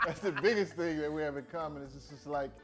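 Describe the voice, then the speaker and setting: A man's voice: fairly high pitch, lively intonation, moderate pace, pushed and bright. A man in a documentary interview, bantering and laughing as he talks.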